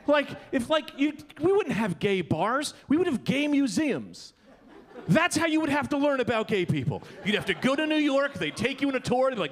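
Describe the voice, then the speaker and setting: A man's voice: extremely high pitch, big pitch swings, moderate pace. A man performing a loose, rowdy stand-up comedy set in a comedy club, acting out quotes. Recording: comedy club with loud crowd laughter.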